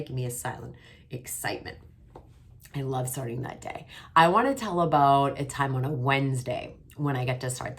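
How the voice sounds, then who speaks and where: A woman kindergarten teacher giving a remote writing lesson to young children, sounding out letters and stretching her words. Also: sits low.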